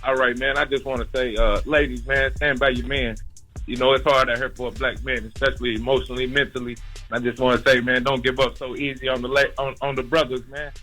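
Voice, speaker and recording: A man's voice: medium pitch, little pitch movement, fast, sharp tone, faint music behind, poor audio. A man calling into a radio show, speaking earnestly and emotionally about his relationship. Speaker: caller. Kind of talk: call-in radio talk.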